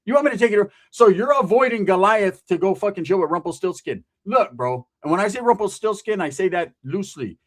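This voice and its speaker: A man spins a casual, profane street story, animated and quick to slip into the voices of the people in it. His voice sits a little high for a man.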